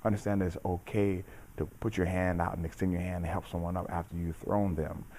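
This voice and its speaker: A middle-aged man with a fairly low voice speaks in a measured, preacherly way. He builds his points through repetition and steady emphasis, like a coach passing a lesson on to his listeners. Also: slight background noise. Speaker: judo coach and host. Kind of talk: reflective motivational talk.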